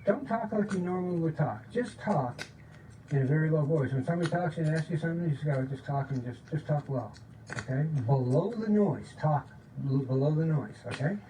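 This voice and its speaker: Man, informal spiritual talk, eager, keeps saying okay, slightly raised pitch, faint background hiss. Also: a little fast. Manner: excited, repeats "okay?" often, drops to a low voice for demonstrations. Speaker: spiritual teacher. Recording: distant mic with faint background noise.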